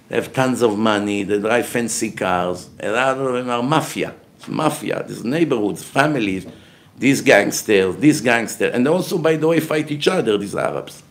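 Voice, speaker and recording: A man giving a heated religious lecture as a rabbi, emphatic and blunt, asking questions and answering them himself. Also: fairly low pitch. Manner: emphatic, grows loud and forceful when making a point.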